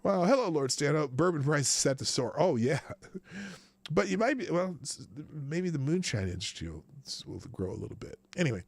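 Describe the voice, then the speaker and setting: A man hosting a live political commentary show, his voice rough and gravelly and slightly high. He talks in a sarcastic, rambling way, swearing freely and restarting his sentences, with a very animated melody. The sound is dry and close, with almost no room echo. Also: normal speed.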